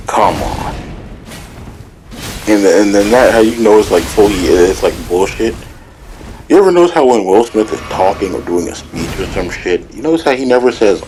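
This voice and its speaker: A man's voice: low-pitched, a little mellow, a little hiss or hum, low-quality recording. A man hosting his own channel, giving a profane, heated solo rant and laughing often. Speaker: channel host.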